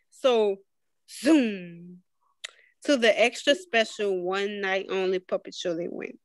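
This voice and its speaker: A woman reading a picture book aloud to children, slowly and expressively, stopping to ask them questions. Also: mid-range voice, no echo. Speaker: guest reader.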